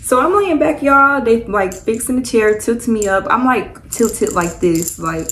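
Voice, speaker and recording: A woman's voice: fairly high pitch, lively intonation, measured pace, fairly bright tone, a little hiss or hum, poor audio. A young woman telling a personal story to her viewers in a loose, rambling, chatty way. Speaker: vlogger. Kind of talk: casual storytime chat.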